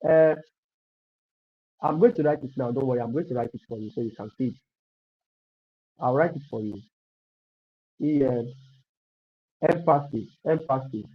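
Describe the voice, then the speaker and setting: A man's voice: medium pitch, moderate pace, pauses often. A man teaching web coding in a live online class. He repeats himself often and encourages the students while he types. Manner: repetitive, encouraging, thinks aloud while typing. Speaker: coding instructor. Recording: dull lo-fi stream audio.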